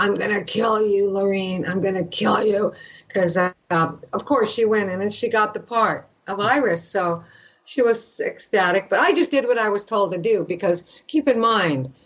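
An older woman from Canada, an actress guest, telling an animated story and acting out the voices of the people in it. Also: fairly low pitch, dull audio. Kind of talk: animated anecdote in a podcast interview.

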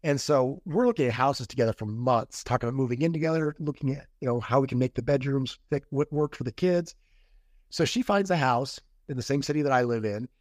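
Talking a little fast, this man has a mid-range, slightly mellow voice captured in a dry, clean studio. He's a podcast guest recounting an old relationship in a loose, rambling way, with restarts and quoted bits of dialogue.

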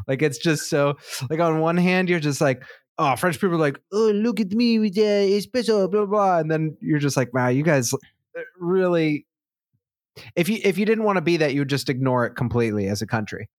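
A man's voice: a little high, expressive, brisk, no echo, clean studio sound. A man co-hosting a podcast in casual chat, rambling with jokey asides and frequent laughs. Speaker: podcast co-host.

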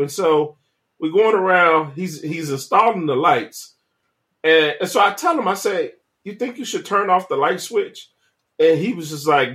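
Podcast co-host guy, kinda high voice, laid back, laughing through his story. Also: lively intonation, moderate pace, a bit bright. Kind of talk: casual storytelling chat.

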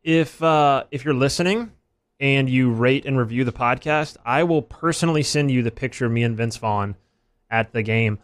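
A man hosting a casual sports podcast, talking in quick, animated bursts and joking at his own expense. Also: mid-range voice. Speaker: podcast host.

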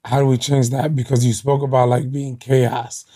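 A man hosts an interview in a husky, dark voice. He asks short, calm questions to keep his guest talking. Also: medium pitch, moderate pace.

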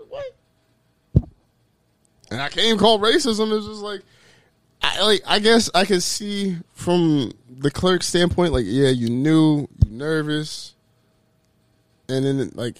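A man talking in casual chat, animated and swearing freely, acting out quotes with sudden jumps in pitch. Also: no room sound, clean studio sound.

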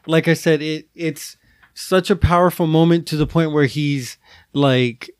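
Male co-host, slightly high voice, earnest and rambling, dry booth sound. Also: measured pace, clear, resonant tone, dry recording. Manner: earnest, hedging, heavy on fillers. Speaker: podcast co-host. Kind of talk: casual chat.

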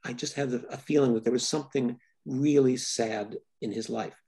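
Gravelly older man, thoughtful and halting. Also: mid-range voice, steady tone, mellow. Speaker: filmmaker guest. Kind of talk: reflective interview answers.

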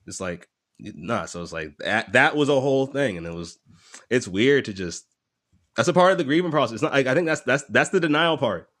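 A man's voice: medium pitch, animated, fairly quick, a bit bright. A man talking openly and casually, rambling a little, swearing and laughing often. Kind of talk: casual podcast chat.

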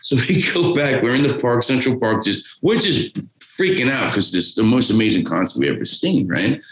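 A man's voice: medium pitch, lively intonation, moderate pace, slight background noise. A man, telling a rambling, profane story as a podcast guest. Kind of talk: casual storytelling. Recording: roomy echo.

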